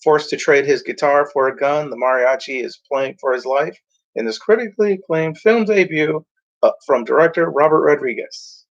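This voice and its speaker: A man talking casually about movies, rambling and halting, often clearing his throat and filling pauses. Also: on the high side, dull audio. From Mexico. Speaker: movie reviewer. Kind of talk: casual movie talk, reading back covers.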